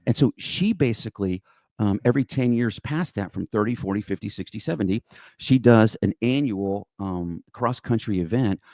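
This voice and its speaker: A man, telling a lively story in conversation. He acts out the quoted dialogue and keeps checking in with "okay?". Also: on the low side, normal speed, dry recording. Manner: excitable, acts out quoted dialogue, says "okay?" and "bro" often. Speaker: podcast guest, charity cyclist.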